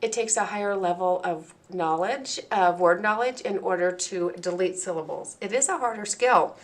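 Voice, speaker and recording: Woman giving a clear, measured lesson. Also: mid-range voice. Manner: clear and deliberate, slows to model sounds and words. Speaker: teacher trainer. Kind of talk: instructional presentation.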